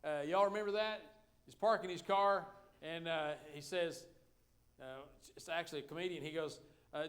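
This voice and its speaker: A man's voice: a little high, fairly even intonation, moderate pace, a bit bright. A middle-aged man preaching a sermon as pastor, folksy and joking with the congregation.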